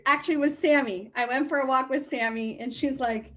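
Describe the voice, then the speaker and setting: Bubbly high-voiced woman coach. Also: steady tone, fairly quick, fairly bright tone. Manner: bubbly, playful, laughs often. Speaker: life coach. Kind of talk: group coaching call. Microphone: video call.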